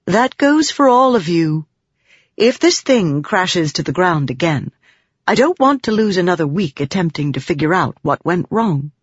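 A narrator voicing a commanding older noblewoman who speaks in a firm, gently chiding way. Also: lowish voice, sing-song, normal speed, breathy edge, no echo. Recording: dull dry audiobook recording.

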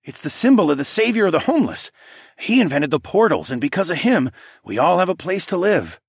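A chatty, proud middle-aged man, as the narrator voices him, raised above the narrator's usual pitch and eager in delivery. The sound is dry and close. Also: sing-song, a little fast, vocal fry, breathy edge, dry recording, full character voice.

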